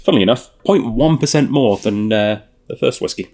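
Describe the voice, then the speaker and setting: A man's voice: medium pitch, lively intonation, fairly quick, a little mellow. A man hosting a whisky tasting video, chatting casually and thinking aloud with fillers and self-corrections. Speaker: host.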